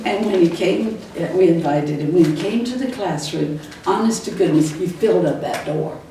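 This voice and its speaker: This is a personal reminiscence from an older woman who used to teach school, recalling classroom tales with fondness and frequent chuckles. Her pitch is fairly low and mellow, her pace moderate. Sound comes through a distant mic in an echoey room with faint noise.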